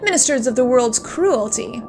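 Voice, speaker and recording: A woman's voice: a little high, lively intonation, moderate pace, gravelly, music in the background. A woman voicing a grim, cryptic male agent who speaks in portentous riddles. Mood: ominous.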